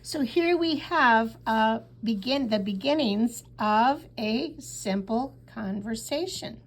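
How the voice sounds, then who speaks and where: A woman teaching a recorded beginner language lesson, modeling short phrases slowly and pausing so learners can repeat. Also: a little high, animated. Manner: slow, deliberate model phrases with pauses for repeating. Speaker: Spanish teacher.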